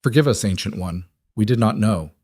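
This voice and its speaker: A man's voice: fairly low pitch, a little fast, a little mellow, slightly rough, no echo, studio quality. A man doing a growling northern wolf alpha. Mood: solemn. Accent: thick northern. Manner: growling, solemn. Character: huge scarred old wolf alpha, gruff and fierce.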